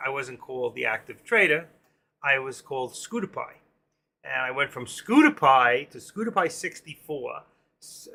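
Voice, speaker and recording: A man's voice: medium pitch, vocal fry, pushed and bright. A man hosting a casual live stream, rambling and joking as he talks to his viewers by name. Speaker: live stream host and room moderator.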